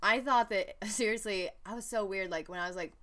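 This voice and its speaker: Woman co-host, casual chat, giggly self-mocking storyteller, mid-range pitch. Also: bright, forceful tone. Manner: giggly storyteller, quick to laugh at herself.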